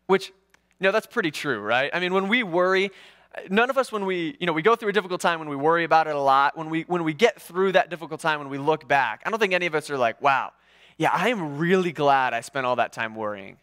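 A man preaching a sermon in a casual, conversational way, with animated, sarcastic asides. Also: fairly high pitch, fast talker, clear, resonant tone. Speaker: pastor. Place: church.

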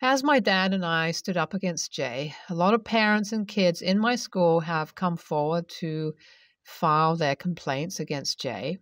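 A woman narrating a first-person story aloud at a steady reading pace. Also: lowish voice, measured pace, no room sound, clean studio sound, recorded from a distance.

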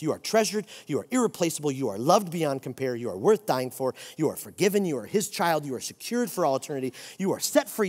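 A man's voice: medium pitch, slightly rough. A pastor in his forties preaching a sermon, with emphatic, repeated declarations. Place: church sanctuary. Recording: long reverb of a church hall.

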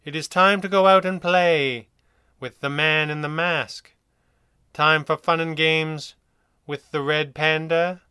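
A man voicing a calm, amused older schemer who speaks with quiet authority. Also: fairly high pitch, unhurried, smooth, dry recording, clean studio sound. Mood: sly, commanding.

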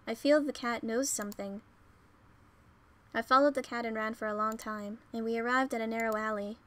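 A woman reading a visual novel aloud, narrating and voicing its dialogue with expressive emotion. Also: on the high side. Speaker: let's play host.

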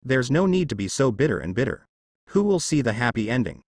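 A man reading the lines of a proud, earnest older patriarch in an audio story, with lively pitch. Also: a little fast, no echo, clean studio sound. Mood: pleading.

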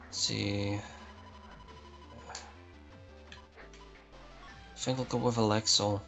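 A man's voice: on the low side, level tone, drawn-out words, vocal fry, a bit bright, soft background music. A young man commentating his own gameplay, frustrated, swearing and muttering to himself. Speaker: let's play host.

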